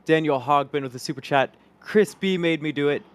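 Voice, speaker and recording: Fairly high-pitched and fairly quick, with a clean tone, a man hosting a livestream cheerfully reads viewer messages aloud and thanks his supporters for their super chats.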